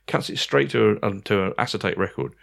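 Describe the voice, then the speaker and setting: A man with an English accent, a radio presenter telling stories in a rambling, casual way with many pauses and restarts. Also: on the low side, gravelly. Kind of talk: casual podcast chat.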